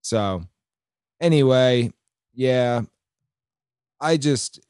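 A man's voice: medium pitch, extremely slow, a little mellow, clean tone, no echo, studio quality. A man hosting a podcast in casual political commentary, loose and blunt, swearing freely as he reads and reacts to news stories. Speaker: podcast host.

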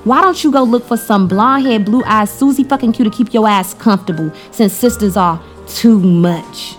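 A blunt, fiery interior designer. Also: female voice, medium pitch, expressive, normal speed, vocal fry, warm tone, faint music behind. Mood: furious. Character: outspoken young woman interior designer. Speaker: Denise.

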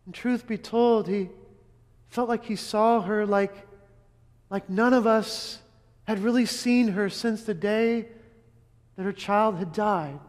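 A man's voice: sits high, slow pace, long pauses. A man preaching a dramatic sermon, telling it in first person as an eyewitness, earnest, with restarts and emphatic repeats. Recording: long hall reverb.

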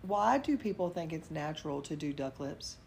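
A woman's voice: low-pitched, animated, moderate pace, vocal fry, darkish tone, a little hiss or hum. A woman co-hosting a podcast, reacting bluntly and firing off indignant questions in casual chat. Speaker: podcast co-host.

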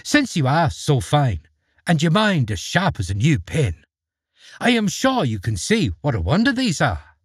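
A man's voice: on the high side, wildly swooping pitch, unhurried, breathy edge, no room sound, studio quality, exaggerated voice. A man doing a sly, wheedling old peddler. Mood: coaxing. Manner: coaxing, old-fashioned country talk.

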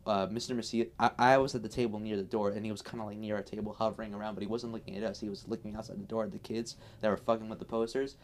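Low-voiced young man, rambling talk. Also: flat delivery, very fast, hardly any pauses, a little hiss or hum. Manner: rambling, restarts with "like". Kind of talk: casual chat, storytelling.

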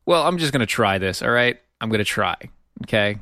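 A man's voice: on the low side, expressive, fairly quick, sharp tone, dry recording, studio quality. A man co-hosting a show, easygoing and casual, reading out a number and agreeing readily. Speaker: podcast co-host. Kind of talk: casual banter.

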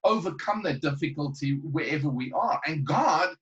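Guy rambling and chuckling, fairly high voice, lots of restarts. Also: expressive, moderate pace, a bit bright, muffled recording. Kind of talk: casual storytelling chat.

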